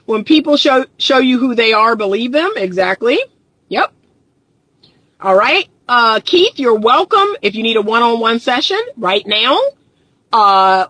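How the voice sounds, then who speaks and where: A woman's voice: fairly high pitch, fairly bright tone, dry recording, poor audio. A woman relationship coach giving emphatic, casual advice on a livestream, repeating phrases and laughing often. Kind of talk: casual live-stream advice talk.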